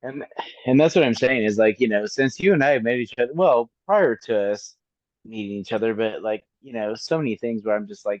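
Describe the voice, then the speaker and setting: A man's voice: mid-range voice, brisk, dry recording, lo-fi sound. A man in his forties co-hosting a podcast in casual chat, effusive, emphatic and freely profane. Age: 40s. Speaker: podcast co-host.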